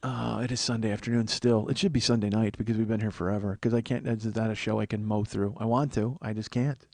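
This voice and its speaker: A man's voice: on the low side, steady tone, fast, gravelly, darkish tone, no room sound. A man in his forties hosting a comedy podcast, rambling and self-mocking with frequent swearing into a studio mic. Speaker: podcast host.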